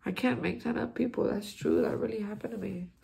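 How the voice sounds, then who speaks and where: A man's voice: high-pitched, fairly even intonation, brisk, creaky, darkish tone. A man hosting a daily recovery reflection, speaking in an earnest, encouraging way with frequent restarts. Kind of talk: heartfelt spiritual recovery talk.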